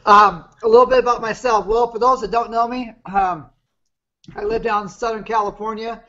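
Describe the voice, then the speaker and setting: A man in his fifties, appearing as a guest business partner on a webinar, tells his personal story in a plain-spoken, rambling way. His voice sits high and is bright and forceful, with a steady tone and moderate pace, though the video call audio is muffled and lo-fi.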